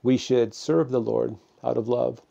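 Gravelly low-key man preaching. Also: fairly even intonation, measured pace, warm tone. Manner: plain conversational preaching with many fillers. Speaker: pastor. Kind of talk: sermon to a camera. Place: preaching to a camera.

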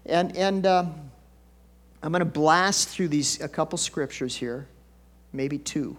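A middle-aged man preaching a conversational sermon as pastor, folksy and chatty, jumping up into excited bursts and dropping into soft asides. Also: a little high, normal speed.

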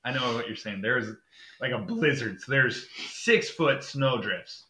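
A young man hosting a podcast, talking loosely with a friend. His voice is very bright and forward at a middling pitch. He laughs a lot and slips into high, goofy impressions of friends. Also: animated, unhurried. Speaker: podcast host. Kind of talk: casual podcast chat.

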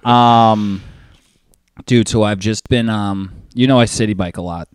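A man's voice: fairly low pitch, unhurried, clean tone, dry recording, clean studio sound. Foul-mouthed New guy telling a story. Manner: profane, animated storytelling, says dude a lot. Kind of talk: casual chat, storytelling.

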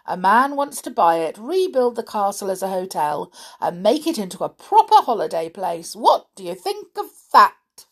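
A woman voicing a stern middle-aged father who talks in a brisk, lecturing way. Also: medium pitch, sing-song. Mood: brusque.

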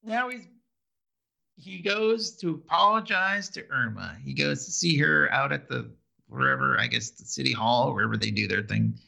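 Gravelly, lively man recapping a show. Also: mid-range voice, moderate pace. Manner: rambling, many fillers and restarts. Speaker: podcast co-host. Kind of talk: casual chat recapping a TV episode.

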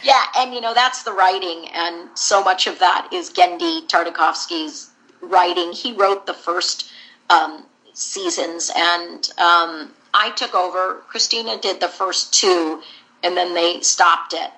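A woman's voice: fairly low pitch, unhurried, sharp tone, rough recording. A woman voice actor, a guest in an interview, telling candid, rambling stories about her career.

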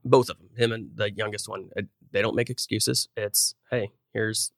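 In a studio-quality recording with no room sound, a middle-aged business owner guests on a podcast for a casual interview. His lowish voice is gravelly and slightly bright, steady in tone and moderate in pace, as he tells personal stories earnestly, rambling and restarting often.

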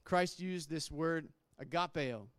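A man's voice: fairly high pitch, slow pace, no room sound, clean studio sound. A man preaching a sermon in a conversational way, restarting words and acting out quotes. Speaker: pastor.

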